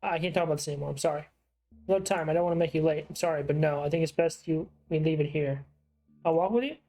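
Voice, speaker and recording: A man's voice: fairly high pitch, quick pace, mellow, lightly acted. A man voicing a guarded, tired single mother while reading game dialogue aloud. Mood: curt.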